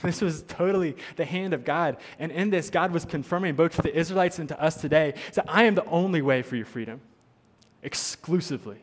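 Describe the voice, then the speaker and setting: A man's voice: on the high side, a little fast. A man preaching a sermon as pastor, earnest, repeating his points for emphasis. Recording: long hall reverb.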